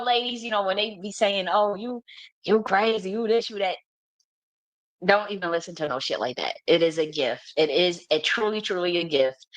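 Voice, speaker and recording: A woman's voice: fairly low pitch, no echo. A woman, a spiritual reader and teacher, telling a personal story in a casual, rambling monologue, with frequent laughter and free swearing. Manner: animated, rambling, laughs often, swears freely.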